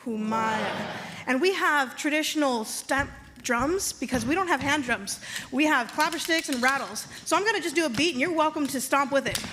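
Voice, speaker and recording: A woman serving as tribal chairwoman, giving a measured, earnest land acknowledgement and calling on the audience to repeat words after her. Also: high voice, bright, forceful tone, a little hiss or hum. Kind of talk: ceremonial address to an audience. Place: conference hall.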